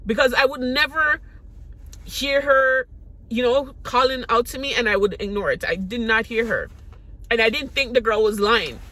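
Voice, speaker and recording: Bright-voiced Caribbean-raised woman storyteller. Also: on the high side, normal speed. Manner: candid, rambling, frequent restarts. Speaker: vlogger. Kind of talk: personal storytelling to camera.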